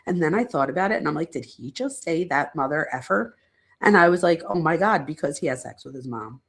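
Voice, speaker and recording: Middle-aged woman, host, gravelly voice, somewhat low, chatty lecture to viewers. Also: lively intonation, fairly quick. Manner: chatty, rambling, self-deprecating asides; addresses chat viewers directly. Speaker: psychologist and true crime channel host. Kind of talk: casual livestream lecture chat.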